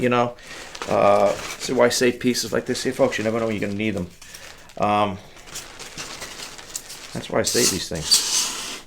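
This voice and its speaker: A man chatting casually to viewers while he packs a box, rambling and calling them folks, in a workspace away from his house. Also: medium pitch. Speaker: online reseller. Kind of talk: casual talk to camera while packing. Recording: clicks and clear background noise.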